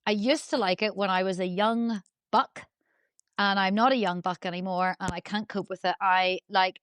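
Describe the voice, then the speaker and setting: A woman's voice: medium pitch, smooth, no room sound. A woman guest on a podcast, chatting in a bubbly, rambling, self-deprecating way. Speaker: guest, dressage rider. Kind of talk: casual chat.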